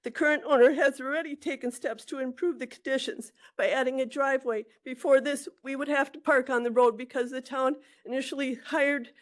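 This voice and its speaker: A woman with a slightly high voice reads a prepared statement at a county meeting. She is emotional and near tears, and she stumbles and restarts her phrases as she goes. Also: steady tone, a little fast, hardly any pauses. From Wisconsin. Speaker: public commenter at county meeting. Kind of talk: public comment reading.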